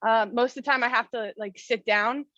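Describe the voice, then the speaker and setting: Woman participant, slightly high voice, dull dry audio, quick chatty sharing. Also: fairly even intonation, pushed and bright, no room sound. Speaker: class participant. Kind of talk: casual sharing.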